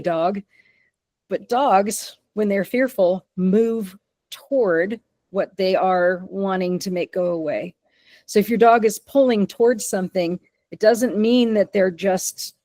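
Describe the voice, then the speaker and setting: A woman leads a webinar on dog behavior, talking fast and lively and jumping into loud acted-out remarks. Her voice is mellow and a little dark. The sound is dry and close. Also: mid-range voice, no echo. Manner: lively, acts out quoted lines with sudden loud bursts. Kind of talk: webinar presentation.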